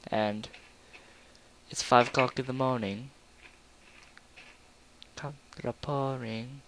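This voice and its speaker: A young man chats through a video game session, rambling and joking, and now and then bursts out loud. His voice sits at an ordinary pitch. A faint hiss runs under the recording. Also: steady tone, slow, long pauses. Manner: rambling, goofy, sudden loud outbursts. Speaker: gameplay commentator. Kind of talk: casual gaming commentary.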